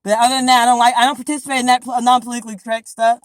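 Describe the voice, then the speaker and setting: A woman's voice: a little high, level tone, very fast, dry recording, faint music behind, poor audio. An American woman in her forties, insistent and rambling, talking from inside her parked car during a police stop. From USA. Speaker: motorist questioned by police. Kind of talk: tense confrontation.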